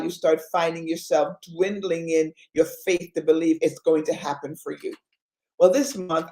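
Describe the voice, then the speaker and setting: A woman's voice: low voice, mellow. A woman hosting a Christian talk show, speaking with an emotional, exhorting preacher's cadence. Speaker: ministry talk show host. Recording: roomy echo.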